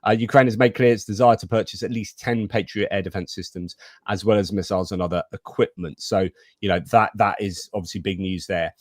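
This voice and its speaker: A man's voice: lowish voice, fairly even intonation, a little fast, no room sound, studio quality. A man co-hosting a casual live stream, chatting about the news and reading out viewer comments.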